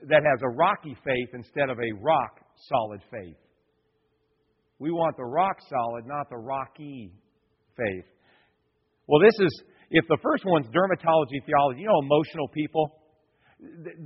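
A man's voice: on the high side, expressive, normal speed, slightly rough, long reverb tail, muffled recording. A male pastor preaching in a church, folksy and repetitive, acting out quotes as he goes. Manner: folksy, repeats himself, acts out quotes. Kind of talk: sermon.

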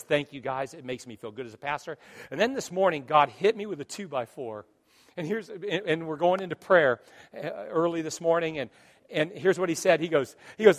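A man's voice: fairly high pitch, lively intonation, brisk, big-room sound. A man preaching a sermon as pastor, telling stories animatedly and acting out both sides of conversations. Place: church sanctuary.

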